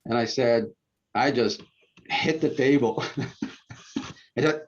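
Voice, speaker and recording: A man, a former bishop, telling stories at a church gathering in a casual, animated way, acting out quoted lines loudly. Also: medium pitch, slow, long pauses. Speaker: former bishop sharing ward memories. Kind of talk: informal reminiscing talk. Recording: muffled lo-fi recording.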